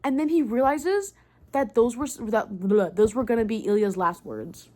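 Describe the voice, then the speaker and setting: A young woman recapping a book in a casual, excitable rant, swearing freely and filling her talk with "like" and "um". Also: fairly high pitch, moderate pace. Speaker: book vlogger.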